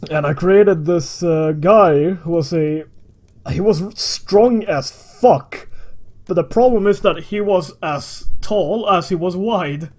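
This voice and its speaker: A man's voice: high voice, slow, darkish tone. A young man, a guest in a casual chat, rambling through a tabletop game story with chuckles and swearing.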